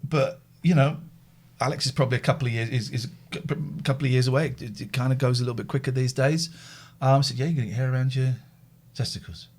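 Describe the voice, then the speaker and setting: A man's voice: mid-range voice, steady tone, fast talker. A middle-aged man hosting a live phone-in show, telling rambling anecdotes in a chatty way. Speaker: radio phone-in host. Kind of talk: casual live chat.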